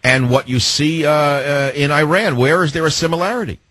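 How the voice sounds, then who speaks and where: Male talk radio host, husky and dry, sarcastic and lecturing toward callers. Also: a little high, brisk, a bit bright, no room sound. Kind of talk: talk radio taking calls.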